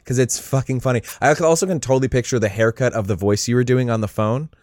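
A man hosting a podcast, trading quick jokes and reactions in casual chat. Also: mid-range voice, darkish tone, dry recording, clean studio sound.

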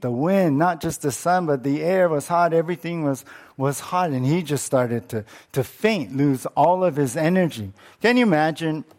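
A man's voice: a little high, darkish tone. A male pastor preaching a sermon in a conversational way, often asking listeners questions and repeating words.

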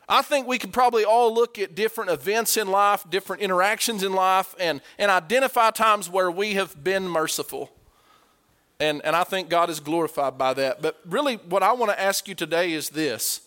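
A man preaching a sermon, animated and emphatic, rising to forceful peaks as he drives his points home. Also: sits high.

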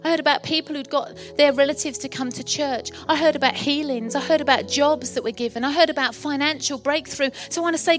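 A woman's voice: high-pitched, brisk, hardly any pauses, soft background music. A middle-aged woman from England preaching a sermon as pastor, impassioned and rousing, acting out the voices in her story.

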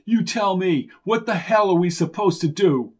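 Frightened, defiant woman, read by a man in a raised voice; sharp and suspicious, storybook reading. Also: high voice, normal speed, slightly rough, pitched above the performer's own voice. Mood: tense, defiant.

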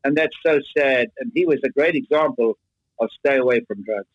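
A man in his eighties, a guest on a remote link, telling stories in an animated, earnest way. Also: medium pitch, fairly quick, dry recording, dull audio. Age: 80s. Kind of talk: interview.

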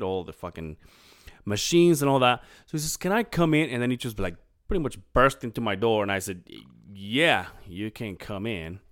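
A man's voice: medium pitch, clear, resonant tone. Middle-aged guy telling a story, swears a lot, puts on voices for the people in it. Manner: animated, acts out quotes, swears freely. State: clearing his throat, morning voice. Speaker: podcast co-host. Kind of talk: casual storytelling chat.

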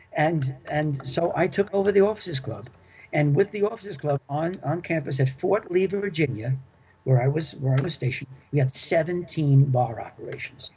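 An older interview guest who once ran a club tells stories from his working life at a normal speed. His fairly high voice is a little mellow with a breathy edge; he's chatty and keen, repeating himself often, on a dull lo-fi recording.

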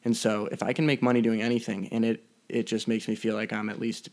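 Speaking fast in a lowish, level, somewhat dark voice, this young podcast host rants alone on his podcast mic, swearing and making playful threats as he rambles.

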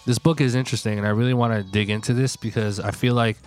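A man with a low voice co-hosts a relaxed podcast, chatting loosely with plenty of fillers. He rambles and reads passages aloud. Soft music sits faintly behind him. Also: fast. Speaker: podcast co-host. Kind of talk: casual group chat.

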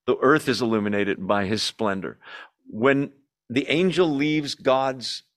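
A man's voice: medium pitch, measured pace, fairly bright tone. A man teaching a Bible study in a conversational way, explaining terms plainly with some fillers.

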